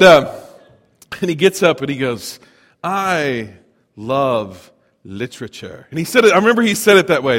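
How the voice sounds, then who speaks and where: Animated preacher man in a reverberant hall. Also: on the high side. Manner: storytelling, animated, conversational. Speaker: pastor. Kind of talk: sermon.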